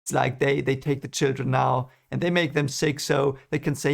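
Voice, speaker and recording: A man's voice: medium pitch, fairly even intonation, a little fast, vocal fry, few pauses. Emotional man reacting to a book. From Germany. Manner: emotional, reactive, swears and apologizes. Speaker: channel host reading a book aloud. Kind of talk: first-time reading reaction.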